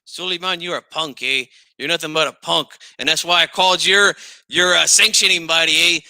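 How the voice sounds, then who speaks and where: A man's voice: on the high side, steady tone, fairly quick, bright, forceful tone, no echo. A man doing a comedic impression of a brash, combative older Chicano boxing dad, with a Chicano English accent, who ends nearly every line with "eh?" and "Holmes.". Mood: defiant. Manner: indignant, trash-talking.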